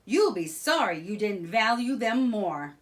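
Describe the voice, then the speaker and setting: A woman's voice: mid-range voice, very animated, a little slow, pitched above the performer's own voice. A woman voicing a stern, sensible male water rat in a children's storybook, scolding his friend.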